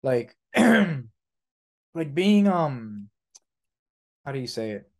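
A man's voice: a little high, very animated, very slow, vocal fry, a little mellow. A man co-hosting a casual podcast who rambles, swears freely and slips into mocking impressions of his own inner voice. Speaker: podcast co-host.

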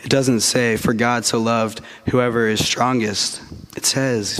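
A man preaching a sermon to his congregation, earnest, with frequent restarts, and slowing down to stress key phrases. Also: medium pitch, steady tone, a bit bright. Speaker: pastor.

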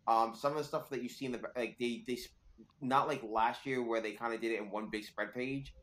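A man's voice: medium pitch, fairly even intonation, fairly quick, a bit bright. Rambling man chatting about comics. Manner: rambling, many fillers and restarts. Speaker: podcast co-host. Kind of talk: casual comic book chat.

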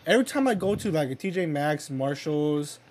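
A man's voice: fairly high pitch, lively intonation, brisk, a little mellow. A young man in casual chat, telling a long rambling story full of fillers and swearing. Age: young adult. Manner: rambling, filler-heavy, swears, chuckles while telling stories.

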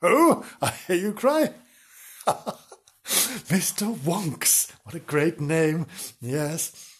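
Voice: medium pitch, sing-song, extremely slow, husky. A storyteller reading a comic storybook aloud, giggling and breaking off to joke about the story.

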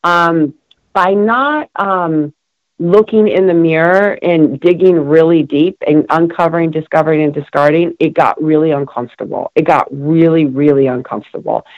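A woman's voice: low-pitched, normal speed, no room sound. A woman telling a heartfelt personal recovery story as an interview guest, with many fillers and restarts. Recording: dull, dry lo-fi recording.

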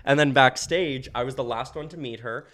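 A young man, a podcast guest, telling stories in a casual, animated way and laughing often. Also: mid-range voice, normal speed. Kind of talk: casual storytelling.

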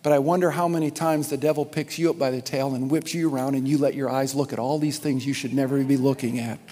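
A man preaches a sermon in a church, his medium-pitched voice warm and steady as he speaks fast. He's emphatic, repeats key lines and addresses the congregation directly. The recording carries the long reverb of a large hall.

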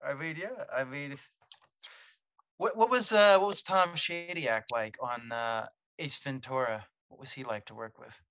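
Bright-voiced podcast host. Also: male voice, mid-range voice, dry recording. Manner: hesitant questions with fillers, brisk sign-off. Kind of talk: casual interview questions.

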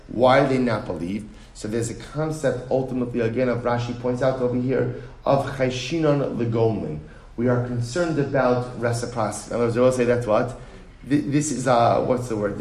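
A man teaching a Talmud class, often asking a question and then answering it himself. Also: medium pitch. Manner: animated, asks and answers his own questions. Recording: echoey room.

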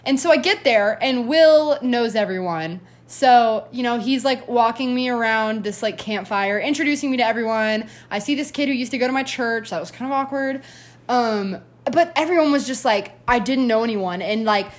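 A woman's voice: on the high side, normal speed. A young woman co-hosting a podcast, telling a story in a chatty, giggly way with lots of fillers. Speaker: podcast co-host. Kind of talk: casual chat.

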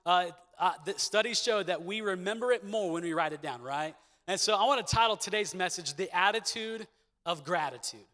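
With a long big-hall echo around him, a young pastor delivers a church sermon full of call-and-response and repeated catchphrases, drawing responses from the congregation. He speaks fairly quickly in a high, bright, forceful voice.

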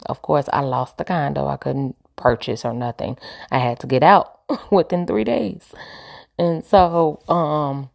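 Gravelly low-voiced woman telling her story. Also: unhurried, a little mellow. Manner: emphatic, repeats points, preachy asides. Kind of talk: candid storytelling.

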